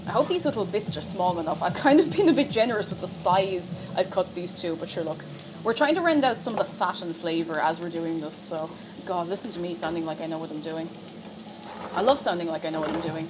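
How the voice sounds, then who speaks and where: A woman's voice: lowish voice, lively intonation, fairly quick, background noise. A young woman chatting playfully with her viewers as she cooks in her kitchen on a live stream. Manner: chatty, playful, repeats words for fun. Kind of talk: casual chat while cooking on a live stream. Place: home kitchen. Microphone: desk microphone. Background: background music and frying sizzle.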